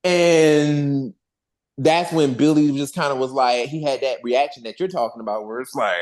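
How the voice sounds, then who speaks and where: A podcast host in casual fan chat, animated and profane, acting out characters' lines while recapping. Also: medium pitch, normal speed.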